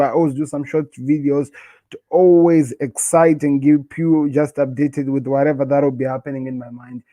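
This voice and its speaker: A young man hosts a casual football video, talking straight to his viewers. He rants with animated frustration and circles back over the same points. His voice is a little high but soft and mellow in tone. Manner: animated, repetitive, frustrated ranting. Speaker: host. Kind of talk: casual football rant to camera.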